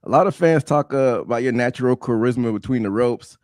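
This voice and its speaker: A man hosting an interview, asking measured, friendly questions. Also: mid-range voice, darkish tone, no echo, studio quality. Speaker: host.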